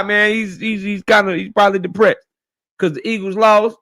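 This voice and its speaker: A man's voice: sits high, flat delivery, moderate pace, sharp tone. A man hosting a live stream, casually greeting chat viewers one by one in slang. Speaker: livestream host.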